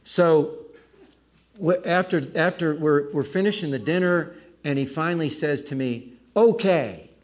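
A male preacher tells a personal dinner-table story with lively energy. He jumps into asides, pokes fun at himself, and acts out the scene as he goes. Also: a little high, a little slow. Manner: animated, self-mocking asides, acts out the scene. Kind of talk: anecdotal storytelling.

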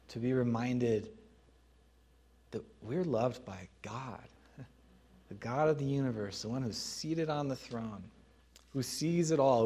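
Man, pastor, casual sermon delivery, middle pitch, relaxed teaching pace. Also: breathy edge. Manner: conversational teaching with pauses and light laughs.

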